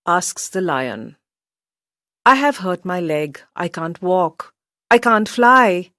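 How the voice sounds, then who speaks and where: A woman reads a children's animal story at an unhurried pace, her pitch swinging widely from line to line. Her voice sits a little low, and the sound is dry and close, with no room around it. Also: no echo. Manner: lively storyteller, voices quotes higher. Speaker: storybook narrator. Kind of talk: slow expressive story reading for children.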